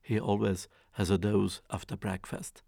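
Man voicing a fussy giant ogre's wife for a storybook: high, loud, bustling, gravelly edge. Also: flat delivery, a little slow, no echo, clean studio sound. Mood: soothing. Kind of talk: storybook reading.

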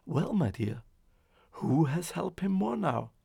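A man's voice: fairly high pitch, very animated, slow, gravelly, mellow, husky, no echo, clean studio sound, heavily acted. A man voicing a mocking female spirit of luck who teases her husband in a raised voice. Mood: smug.

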